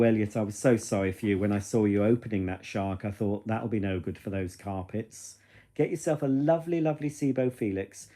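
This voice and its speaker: A man's voice: medium pitch, dark tone. A man hosting his own late-night live stream, chatting and teasing in a casual, gossipy way. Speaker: livestream host.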